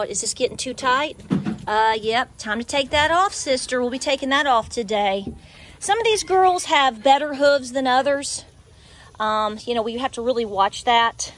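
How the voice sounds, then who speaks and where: A woman with an Appalachian accent and a high voice rambles through a casual farm vlog, now and then cooing softly to her goats. She is recorded outdoors on a small farm, with faint animal and rooster sounds in the background. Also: normal speed, slight background noise. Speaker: homesteader.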